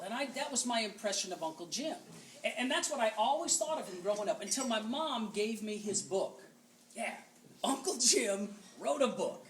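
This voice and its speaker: A man's voice: very high-pitched, expressive, moderate pace, fairly bright tone, slight background noise. A man giving a humorous keynote speech at a banquet, telling folksy stories and joking at his own expense. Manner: folksy, joking, self-deprecating. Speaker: keynote speaker. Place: banquet hall with audience. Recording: roomy hall, far from mic, audible audience. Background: audience laughter.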